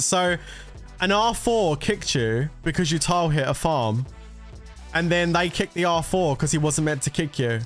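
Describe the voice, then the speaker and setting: An excitable man streams a mobile strategy game, talking casually with his chat and cursing freely. His voice sits a little high for a man. Faint game music plays behind him. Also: unhurried. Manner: chatty, excitable, swears freely, talks to chat. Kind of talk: casual live-stream commentary.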